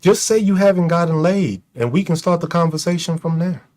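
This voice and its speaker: A man who streams and comments online rants at his audience, mocking and cursing, peppering it with rhetorical questions and laughing at his own jokes. His pitch is fairly high, his tone a little mellow, and his pace a bit quick.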